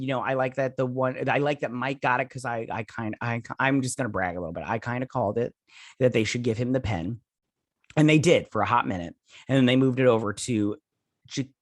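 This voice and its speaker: A man's voice: mid-range voice, no room sound, clean studio sound. A man hosting a casual TV episode review, rambling with fillers and briefly mimicking characters as he retells scenes. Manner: chatty, retells scenes in quick mimicking voices; lots of fillers and restarts, rambling.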